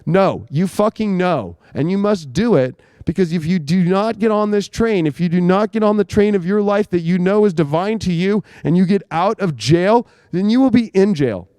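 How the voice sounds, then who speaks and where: High-voiced, profane astrologer man. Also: animated, normal speed, few pauses, mellow, clean tone, dry recording. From United States. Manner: emphatic, profane, rambling. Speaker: astrologer host. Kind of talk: live casual astrology talk.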